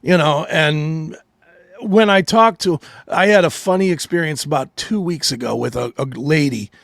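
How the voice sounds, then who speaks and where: A man co-hosting a podcast, telling profane, animated stories in casual chat. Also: on the high side, moderate pace, creaky, no echo. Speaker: co-host.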